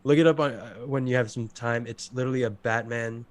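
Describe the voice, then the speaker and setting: A man in his twenties co-hosting a live podcast, chatting casually with jokey asides and quick laughs. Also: mid-range voice, fairly even intonation, no echo. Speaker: podcast co-host. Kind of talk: casual chat on a live stream.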